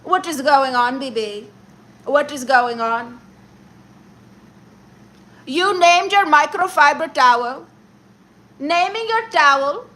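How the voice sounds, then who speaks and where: A woman's voice: sits high, lively intonation, slow, pauses often, pushed and bright, full character voice. A woman playing a bossy male podcast host who mocks and lectures men about their hobbies on a comedy livestream. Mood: scolding. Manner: mocking, exasperated, lecturing.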